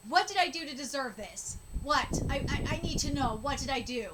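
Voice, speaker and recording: A woman streaming a live manga reaction, talking emotionally with halting restarts. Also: high-pitched, noisy background.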